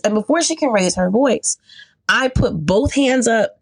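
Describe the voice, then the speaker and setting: A woman's voice: mid-range voice, lively intonation, moderate pace, no echo, low-quality recording. A woman telling a comic story on a podcast, acting out voices and laughing often. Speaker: podcast guest comedian. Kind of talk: casual storytelling chat.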